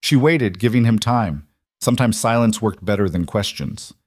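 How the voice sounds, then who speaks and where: A man narrating a western audiobook in an even, measured storytelling style. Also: fairly low pitch, no echo, studio quality.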